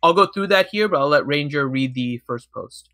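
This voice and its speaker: A man co-hosting a casual gaming livestream, relaxed and explaining game mechanics at length. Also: a little high, moderate pace, dry recording.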